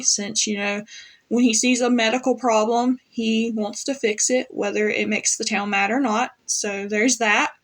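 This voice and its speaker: A woman's voice: on the high side, vocal fry, a bit bright. Chatty woman recapping a TV episode. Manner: chatty, many fillers, paraphrases lines in quotes. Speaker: fan reviewer.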